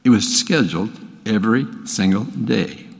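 A man's voice: on the low side, normal speed, vocal fry. An older man preaching a sermon in a folksy, plain-spoken way, with small restarts. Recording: long reverb of a church hall.

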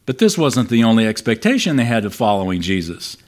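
A man's voice: lowish voice, sing-song, fairly quick, darkish tone. Man preaching a conversational sermon. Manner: conversational, explanatory, reads scripture aloud with emphasis. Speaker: pastor.

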